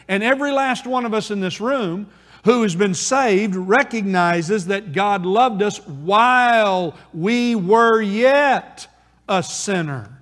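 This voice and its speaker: A male pastor preaching a sermon to his church, repeating key phrases with emphasis and slowing right down on them. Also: high-pitched, fairly bright tone. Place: church sanctuary. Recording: long reverb of a church hall.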